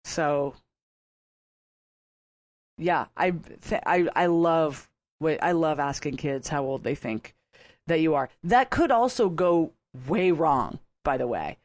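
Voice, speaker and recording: A woman's voice: low-pitched, lively intonation, takes it slowly, a little mellow, no echo. A woman in her thirties hosting a podcast, telling rambling stories in a chatty way and laughing often. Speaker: podcast host. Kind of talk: casual solo storytelling.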